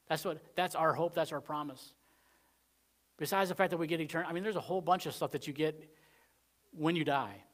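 Rambling, fairly high-voiced man preaching. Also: brisk, long pauses. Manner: rambling, conversational, frequent "you know" fillers; swings between loud emphatic points and quiet asides. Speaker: pastor. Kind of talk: Wednesday sermon. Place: church.

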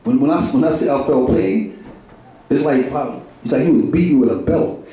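Heard from far off in a big, echoing church hall, a middle-aged man delivers a heartfelt testimony in a mellow, animated mid-range voice at a normal pace. He repeats himself a lot, slips into street slang, and laughs as he speaks.

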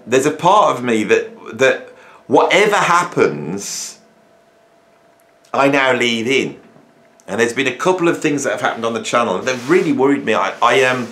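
A man talking casually to camera from his home garage, animated and rambling, often repeating himself and restarting phrases. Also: mid-range voice. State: hot and sweaty. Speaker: drummer and producer talking to camera. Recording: echoey garage room.

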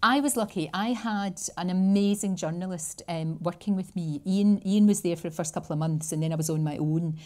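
A woman in her sixties with a Glasgow Scottish accent, telling lively stories as an interview guest on stage. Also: lowish voice, brisk, hardly any pauses. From Scotland. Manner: chatty, animated storytelling. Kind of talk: casual conversation on stage.

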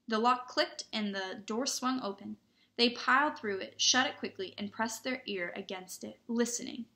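A woman reads a children's novel aloud. Her voice sits at a medium pitch and her reading is expressive and dramatic. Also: unhurried. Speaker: audiobook reader. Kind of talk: storybook read-aloud narration.

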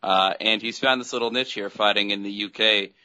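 Bright-voiced man rambling with fillers. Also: on the low side, steady tone, fairly quick, poor audio. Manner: rambling, hesitant, many fillers. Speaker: podcast co-host. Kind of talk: casual chat.

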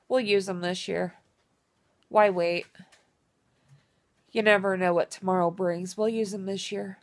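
A young woman speaks to her viewers in an unhurried, casual way. She sounds sentimental and close to tears, and now and then she drops a mild swear word. Her pitch sits in a middle range for a woman. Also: a bit bright. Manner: emotional, tearful and sentimental. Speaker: vlogger. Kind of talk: casual personal vlog.

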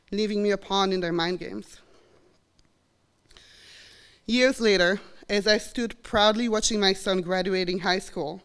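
A woman in her forties from Belgium with a Belgian French accent, reflectively telling a personal story on stage. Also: medium pitch. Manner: earnest, reflective, acts out quoted voices. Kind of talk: live storytelling performance. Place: college stage before an audience.

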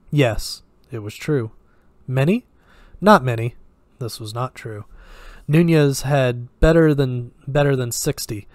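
A man narrating a thriller story aloud in a steady reading voice with small restarts. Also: mid-range voice, slow pace, no room sound. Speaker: story reader. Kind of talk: audiobook narration.

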